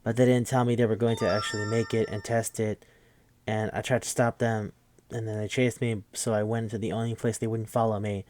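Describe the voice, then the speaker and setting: A man's voice: fairly low pitch, level tone, a little fast, a little mellow, lightly acted. A man recounting a fugitive male scientist. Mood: matter-of-fact. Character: adult male scientist on the run, matter-of-fact.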